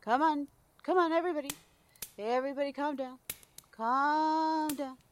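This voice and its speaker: A woman's voice: sits high, normal speed, voice pushed up, close to an everyday voice. A woman voicing a cocky, showy male toy monkey in a tabletop game. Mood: calming. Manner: hyped, showy.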